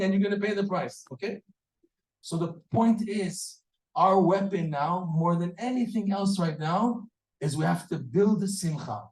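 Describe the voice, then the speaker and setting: Animated man giving a Torah class. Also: a little high. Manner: lively storyteller, acts out quotes, laughs at his own jokes. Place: hall or synagogue with audience. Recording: echoey room.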